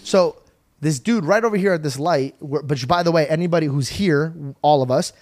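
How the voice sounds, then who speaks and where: A man's voice: a little high, fairly quick. A young man hosting a podcast, telling a story casually with swearing and acted-out lines. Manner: animated, swears, acts out other people's lines. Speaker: podcast host.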